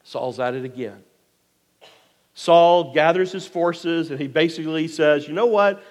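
A man preaching a sermon, retelling a scripture story in an animated way, sometimes dropping to near quiet. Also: a little high, unhurried, in a large hall. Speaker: pastor.

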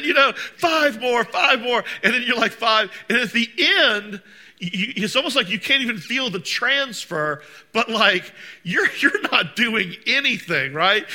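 A male pastor with a high, very bright and forceful voice delivers a sermon in a church service. He talks in a loose, conversational way, quizzing the congregation and acting out little scenes with bursts of shouting.

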